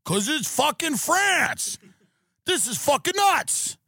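A man putting on a Southern accent to play an excited husband shouting across the house to his wife. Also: very high voice, takes it slowly, gravelly, no room sound, studio quality, voice pushed up, full character voice.

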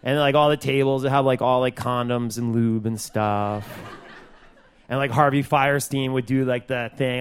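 A man's voice: medium pitch, lively intonation, normal speed, a little hiss or hum. A man doing stand-up comedy, rambling and giggly, full of fillers.

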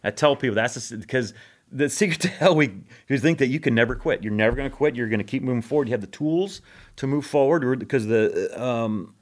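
A man trading war stories with friends in loose, casual talk. He jokes, swears freely and leaves sentences hanging as he hunts for the right word. His voice sits at an ordinary middle pitch. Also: brisk. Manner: joking, swears, trails off mid-sentence. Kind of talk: casual chat among veterans.

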